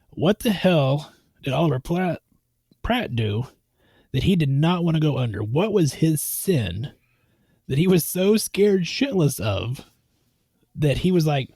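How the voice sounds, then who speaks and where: Guy cohosting a movie podcast, dry deadpan delivery, mid pitch, close dry mic. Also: breathy edge, dry recording. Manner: dry, matter-of-fact, steers the discussion. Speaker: podcast co-host. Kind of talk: casual movie review chat.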